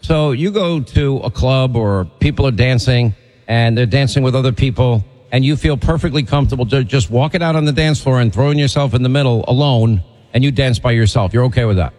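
A man's voice: mid-range voice, fairly quick, darkish tone, in a large hall. A man hosting a talk radio show, blunt and opinionated, bantering with callers.

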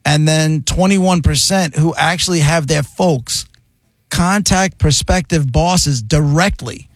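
Middle-aged male radio host, gravelly voice, animated banter. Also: a little high, takes it slowly, no room sound. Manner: animated, reads headlines aloud and riffs. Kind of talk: casual radio talk.

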